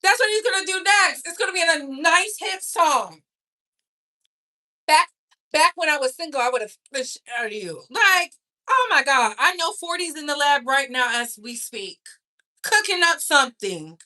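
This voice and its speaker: Sassy, bright-voiced woman gossip host. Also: high voice, normal speed. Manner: sassy, animated, talks straight to viewers. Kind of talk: casual gossip commentary to a live chat.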